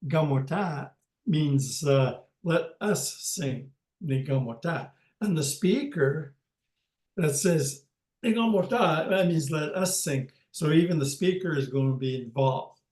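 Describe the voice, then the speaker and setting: Older man, language teacher, slow halting speech, lots of filler pauses, echoey room on a video call. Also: fairly high pitch, a little mellow. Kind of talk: conversational language lesson over video call.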